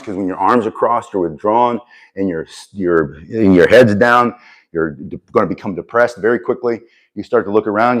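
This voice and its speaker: Middle-aged male instructor, lowish voice, earnest motivational vlog talk, casual restarts. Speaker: self-defense instructor. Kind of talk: casual direct-to-camera talk.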